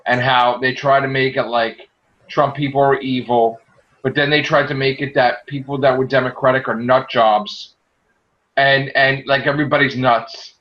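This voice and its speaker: A man co-hosting a podcast in casual chat, animated and joking, slipping into quoted voices. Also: mid-range voice, normal speed, dull audio. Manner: animated, mimics people in quotes, self-described corny joker. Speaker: podcast co-host.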